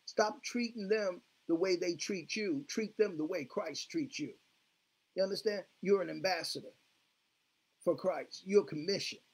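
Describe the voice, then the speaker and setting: A man's voice: high-pitched, unhurried, slightly rough. A man preaching a sermon as pastor, fervent, leading the congregation in call-and-response. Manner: fervent, repeats "glory be to God, hallelujah" with call-and-response.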